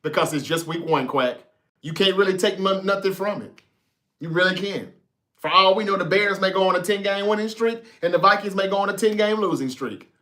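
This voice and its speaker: A man hosting a casual sports talk livestream, reading viewer comments and talking straight to the chat with a profane, animated manner. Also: sits high, fairly quick. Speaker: sports talk show host.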